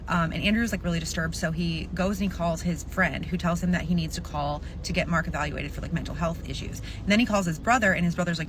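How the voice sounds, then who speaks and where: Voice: medium pitch, fairly even intonation, fast talker, few pauses, background noise. A storyteller recounting a reader's story in casual storytime narration, chatty and full of "like". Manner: chatty, peppered with "like".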